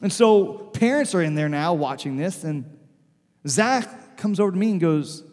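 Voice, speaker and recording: A man's voice: fairly high pitch, expressive, moderate pace, darkish tone. A male pastor telling stories in a loose, conversational sermon before his congregation. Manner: conversational, loose storytelling with frequent "like". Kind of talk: storytelling sermon. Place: church sanctuary before a congregation. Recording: long church hall reverb.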